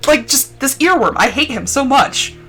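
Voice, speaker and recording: A woman with a fairly high voice chats loosely to her live-stream audience, stringing thoughts together with lots of fillers and breaking into laughter easily. Faint game music plays quietly underneath her talk. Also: normal speed, husky. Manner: chatty and expressive, many fillers, laughs often. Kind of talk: casual chat while gaming on a live stream.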